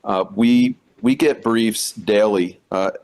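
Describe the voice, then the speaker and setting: Deep-voiced man, halting live analysis. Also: steady tone, a little mellow. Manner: halting, many fillers and restarts. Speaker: guest military analyst. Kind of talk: live news interview.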